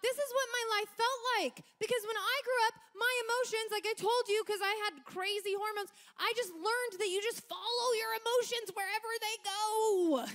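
A young adult woman preaching a sermon in an animated, lively storytelling manner, at times shouting punchlines. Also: extremely high pitch, moderate pace, hardly any pauses.

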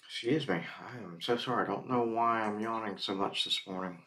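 A man streaming a game, slowly talking himself through his moves in a casual way. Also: lowish voice, bright, forceful tone. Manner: slow, muttering to himself. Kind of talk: casual gameplay commentary.

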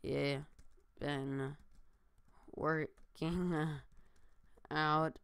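A man's voice: a little high, steady tone, extremely slow, creaky, a bit bright, clear, resonant tone, dry recording. A tired young man vlogging from his room, rambling with lots of fillers and restarts. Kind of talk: casual chat to camera. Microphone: new desk mic.

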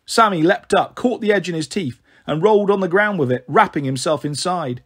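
A man reading a children's novel aloud as a storyteller, expressive and animated. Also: high-pitched, a little fast, husky.

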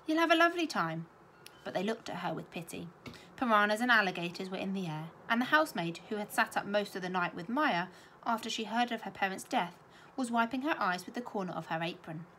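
A woman teacher reading a children's novel aloud with expressive storytelling. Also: medium pitch, fairly quick, a little hiss or hum.

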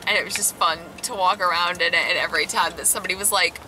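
A woman's voice: on the low side, steady tone, fast talker, sharp tone, poor audio. A young woman in a car chatting casually, enthusiastic and wry with self-deprecating humor. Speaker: vlogger. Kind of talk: casual chat. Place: inside a car. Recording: road noise from a car.

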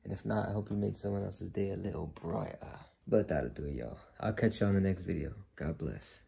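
A man vlogging casually, excitable and gushing, with a heartfelt, sincere way of signing off. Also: low voice, brisk, vocal fry, slightly rough. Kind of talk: casual food vlog.

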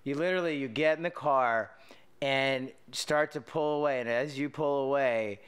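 A podcast host telling a funny story in a casual, animated chat, often laughing as he talks. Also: mid-range voice, normal speed, clean tone.

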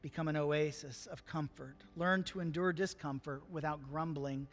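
A man's voice: on the high side, steady tone, normal speed. A man preaching a sermon, talking to the congregation in an earnest, conversational way and lifting his voice for emphasis. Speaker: pastor.

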